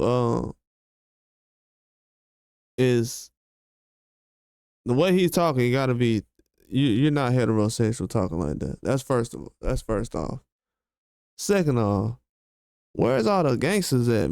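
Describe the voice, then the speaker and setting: A man's voice: on the high side, a little mellow, smooth, no echo, clean studio sound. A man hosting a commentary video, ranting in a heated, slangy, emphatic way and repeating his points. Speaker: commentary channel host. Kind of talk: casual commentary rant.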